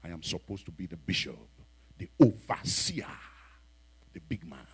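A man, a bishop, telling a story in a sermon in an animated way, acting out the voices of the people in it. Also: low-pitched, normal speed, breathy edge. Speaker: bishop and preacher.

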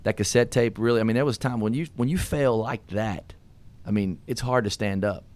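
A man's voice: on the low side, fairly quick, a little mellow. A middle-aged man hosting a radio talk show, telling personal stories in a folksy way with laughs. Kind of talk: casual storytelling talk. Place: radio studio.

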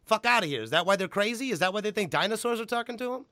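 Excitable, foul-mouthed podcast host. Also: male voice, high voice, racing, no echo, clean studio sound. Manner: excitable, profane, laughs loudly. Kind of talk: casual chat.

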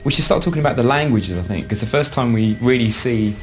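Man asking halting interview questions. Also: medium pitch, expressive, soft background music. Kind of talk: casual interview.

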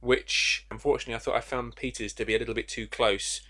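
A man's voice: medium pitch, flat delivery, fast, sharp tone. A man reviewing an audio drama in casual chat, candid, with stammering restarts. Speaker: forum moderator, reviewer.

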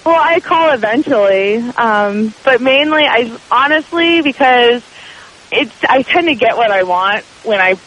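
A woman's voice: on the high side, animated, a little slow, fairly bright tone, rough recording. A woman calling in to a radio talk show, answering hesitantly with many fillers. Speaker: caller. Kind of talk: call-in radio conversation.

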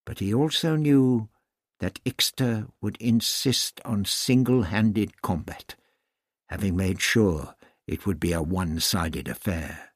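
Man reading a novel aloud, slow and husky, lowish voice, dry close sound. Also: no echo. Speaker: audiobook narrator. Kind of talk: scripted narration.

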